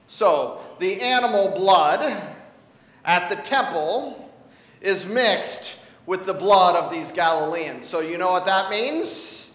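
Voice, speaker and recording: A man delivers a sermon in a high voice and a slow, conversational pace, asking his listeners questions and leaning on words for emphasis. He is recorded in a church sanctuary, and his voice rings through a roomy hall with a long reverb tail. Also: a bit bright. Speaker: preacher.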